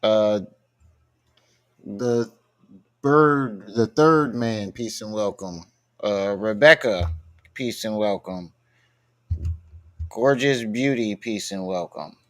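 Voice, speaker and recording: A man's voice: lowish voice, slow, pauses often. Male streamer, blunt profane reaction commentary. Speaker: live-stream host reacting to clips. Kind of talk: casual live-stream commentary.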